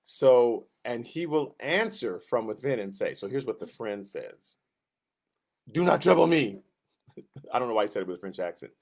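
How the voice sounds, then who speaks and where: A man teaching a Sunday school Bible lesson in a casual, animated way, often acting out quoted lines with a raised voice. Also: lowish voice, moderate pace. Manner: animated, acts out quotes in raised voice, self-interrupting.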